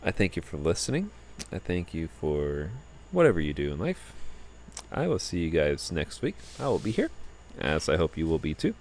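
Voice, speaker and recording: A tired young man rambling casually about his trip in a relaxed vlog. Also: sits low, normal speed, a little hiss or hum. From United States. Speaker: vlogger.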